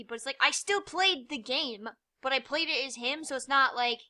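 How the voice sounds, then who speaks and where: A woman's voice: a little high, moderate pace, few pauses, bright, forceful tone. A young woman giving rambling, self-mocking let's-play commentary, swearing freely, with sudden yelps and muttered asides. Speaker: gamer.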